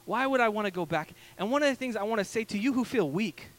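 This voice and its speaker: A man, a pastor in his thirties, preaching a casual storytelling sermon from a church stage, animated and full of fillers. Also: high voice, fast. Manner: animated, acts out quoted voices, many fillers.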